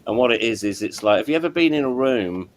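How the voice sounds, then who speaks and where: A man's voice: mid-range voice, expressive, fast, slight background noise. A middle-aged man, hosting a casual chat as an audio engineer, rambling and apologetic with many restarts. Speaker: show host and audio engineer.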